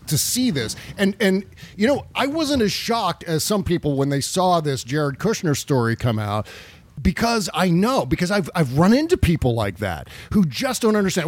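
Animated man hosting a chat show. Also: a little high, no room sound. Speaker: podcast host. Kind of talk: casual political chat.

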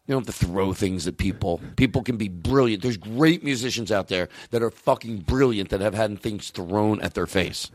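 A man's voice: fairly low pitch, moderate pace, few pauses, no echo. A man hosting a comedy podcast, riffing animatedly and laughing often. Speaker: podcast host. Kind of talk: casual comedy chat.

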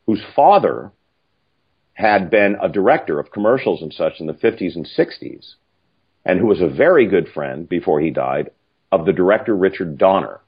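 An older man telling stories casually, animated and profane, acting out other people's lines. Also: sits low, husky. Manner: animated, profane, acts out quoted voices. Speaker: film writer-director guest. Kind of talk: casual anecdotal storytelling. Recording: muffled lo-fi audio.

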